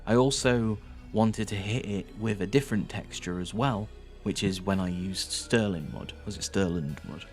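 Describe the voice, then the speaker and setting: Chatty Northern English man, low voice. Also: moderate pace, soft background music. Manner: chatty, swears freely, teasing asides to viewers. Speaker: miniature painting YouTuber. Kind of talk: casual voice-over narration.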